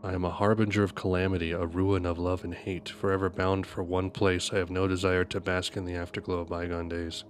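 A man reading aloud as a grim, brooding armored undead knight, in a quick and plain manner. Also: low voice, flat delivery, a little hiss or hum, natural voice. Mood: solemn.

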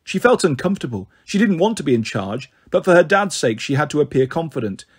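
Husky guy reading a novel out loud, steady, kinda high voice. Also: a little fast. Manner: steady storytelling with character voices. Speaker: audiobook reader.

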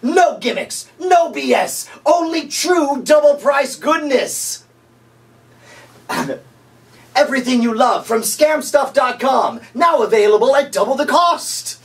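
A man putting on the voice of an over-the-top infomercial pitchman, with a booming, drawn-out salesman delivery. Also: big pitch swings, distant mic, exaggerated voice. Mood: hammy.

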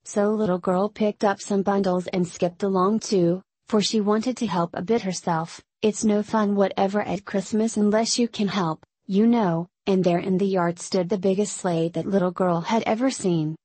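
A woman reading a children's story aloud in a gentle manner, speaking to her listeners as children. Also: medium pitch, husky, no echo, rough recording. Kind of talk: read-aloud Christmas storytelling.

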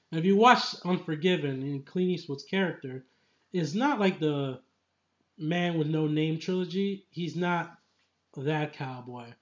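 A man's voice: fairly high pitch, lo-fi sound. A man giving a casual, enthusiastic film review, rambling with lots of filler phrases. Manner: enthusiastic, rambling, full of "you know".

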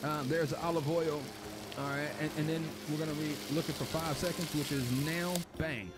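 A man's voice: fairly high pitch, fairly even intonation, normal speed, noisy background. Flustered man narrating a cooking game. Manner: flustered, panicky, talks to viewers. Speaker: gaming YouTuber. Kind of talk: casual gameplay commentary. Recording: loud game music behind.

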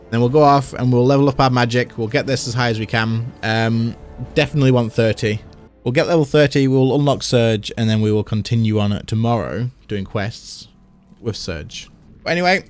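A man, chatting casually and laughing as he plays a game on stream. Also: mid-range voice. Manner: chatty, laughs often, thinks aloud. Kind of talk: casual gameplay commentary.

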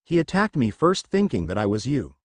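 A man voicing a gruff, curt alien warrior in a story reading. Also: mid-range voice, big pitch swings, fairly quick, no echo, clean studio sound.

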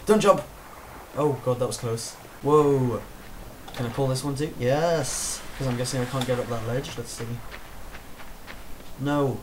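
A man's voice: mid-range voice, slight background noise, poor audio. A man doing gameplay commentary, joking around and talking to himself as he plays, recorded on a desktop mic. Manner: goofy, jokey, talks to himself while playing. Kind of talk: let's play commentary.

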